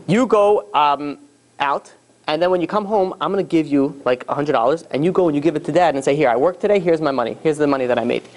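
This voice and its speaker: A man voicing a soft, indulgent mother who soothes and coaxes her son in a story. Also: fairly high pitch, fast talker, natural voice. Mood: coaxing. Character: soft indulgent mother, middle-aged woman.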